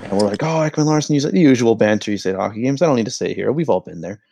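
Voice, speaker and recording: A young man with a low, gravelly voice hosts a casual podcast, recorded close and dry. He talks in an animated, joking way and drifts into rambling stories. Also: very fast, dry recording. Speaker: podcast host. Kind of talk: casual hockey podcast banter.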